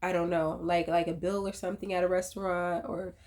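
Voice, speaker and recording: A woman casually recapping a reality TV episode, animated and profane, with laughing asides. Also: fairly low pitch, brisk. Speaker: reality TV commentator.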